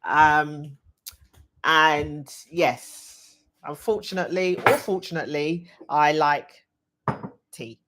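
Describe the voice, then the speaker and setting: Slow and low with a fairly bright tone, an Englishwoman rambles through a live stream as she moves about her house. She's a leadership trainer running a live Q&A, chatty and thinking out loud as she goes.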